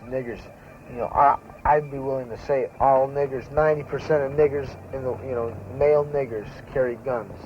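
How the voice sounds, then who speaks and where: Crude slangy greaser, played by an actor. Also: male voice, medium pitch, steady tone, brisk, close to an everyday voice. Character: pushy young greaser, crude and street-talking. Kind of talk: naturalistic 1970s film acting. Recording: dull lo-fi 1970s film sound with hiss.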